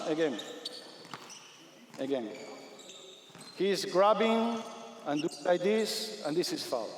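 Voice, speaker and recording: Male coach, energetic drill commands, faint ball bounces under roomy arena reverb. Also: a little high, slow pace, long pauses, a little hiss or hum. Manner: energetic, repetitive commands, non-native English. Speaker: basketball coach. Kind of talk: on-court coaching demonstration. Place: large sports arena. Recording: echoey arena from a distance.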